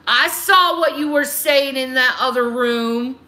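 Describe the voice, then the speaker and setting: Furious woman streamer, high animated voice, bright and sharp, swearing and repeating herself. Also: a little slow. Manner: profane, confrontational, repetitive. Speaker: livestreamer. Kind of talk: angry livestream rant.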